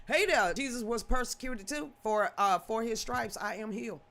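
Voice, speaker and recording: A woman's voice: fairly high pitch, normal speed, gravelly. A woman, hosting a casual livestream news show, folksy and outspoken with frequent laughter. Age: 50s. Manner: animated, folksy, swears freely, laughs often.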